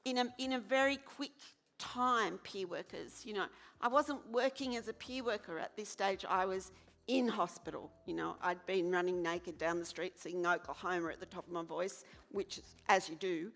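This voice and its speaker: A woman's voice: mid-range voice, moderate pace, creaky. A woman telling a frank, comic personal story to an audience. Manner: frank, comic, acts out quoted voices loudly. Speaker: speaker sharing lived experience. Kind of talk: animated storytelling.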